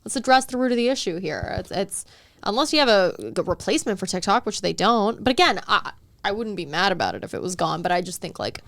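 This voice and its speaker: Woman, podcast co-host, casual chat, sarcastic, opinionated, mid pitch, dry close recording. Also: very animated, fast talker, gravelly, a bit bright, dry recording. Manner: sarcastic, opinionated, reads comments aloud.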